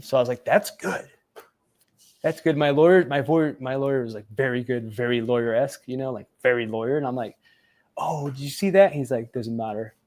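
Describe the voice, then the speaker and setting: A man, a former Navy SEAL, telling a long personal story in a casual interview, with lots of fillers, acting out the voices of the people he quotes. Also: medium pitch. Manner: animated retelling, acts out quoted voices, many fillers.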